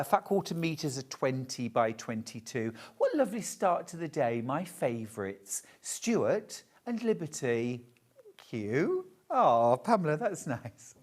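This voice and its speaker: A presenter chats through a live televised sale, gushing over every fabric. The delivery is slow and easy, with a sing-song pitch that rises and falls a lot. The tone stays warm and conversational throughout. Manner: chatty, gushes over the fabrics. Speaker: shopping channel presenter.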